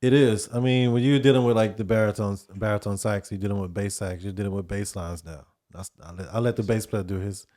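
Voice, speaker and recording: A man's voice: lowish voice, steady tone, a little fast, hardly any pauses, dark tone. A young adult man from Houston, a saxophonist guest chatting easily on a podcast. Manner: easygoing, laughs often. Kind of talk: casual podcast chat.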